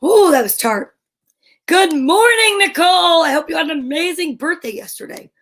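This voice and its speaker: A middle-aged woman with a New Jersey accent, hosting a cheerful kids' show. Her voice sits high and bright, and she chats playfully with a sing-song lift in her greetings. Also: animated, a little fast, rough recording. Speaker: children's show host. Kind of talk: cheerful live-stream chat for kids.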